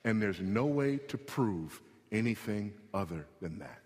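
A man preaching a sermon as pastor, emphatic, rising in pitch and slowing for stress. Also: lively intonation, darkish tone, big-room sound. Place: church sanctuary.

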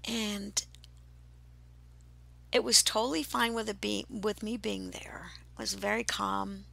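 Slow, gravelly woman telling a hushed story. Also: medium pitch, steady tone. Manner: slow, hushed, often drops to a breathy whisper. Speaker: podcast host. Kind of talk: personal spiritual storytelling.

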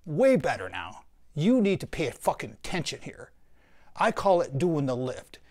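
A man's voice: on the high side, wildly swooping pitch, measured pace, darkish tone. An older man giving blunt, profane motivational advice to other men in a rant. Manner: blunt, crude, preachy.

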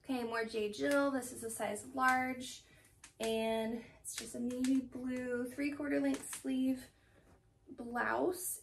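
A woman's voice: on the high side, creaky, distant mic, a little hiss or hum. A young woman chatting casually at home about her thrift haul, rambling and laughing often. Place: home room.

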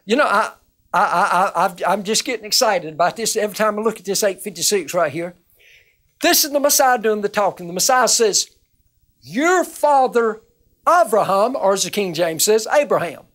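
A woman minister teaching the Bible on a television broadcast, earnest and emphatic, repeating words as she gets excited. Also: mid-range voice, moderate pace.

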